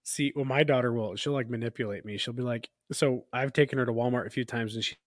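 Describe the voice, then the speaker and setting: A man's voice: mid-range voice, quick pace, no room sound, clean studio sound. A man in his thirties co-hosting a casual podcast chat, telling family stories with lots of laughter. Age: 30s. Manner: animated storytelling, laughs often. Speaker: podcast co-host.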